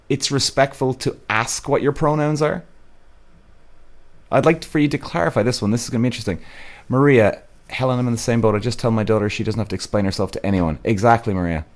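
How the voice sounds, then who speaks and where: A man from Cork with an Irish accent, hosting a live podcast and reading viewers' comments, blunt and exasperated, swearing freely. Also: medium pitch. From Ireland. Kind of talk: casual live-stream chat.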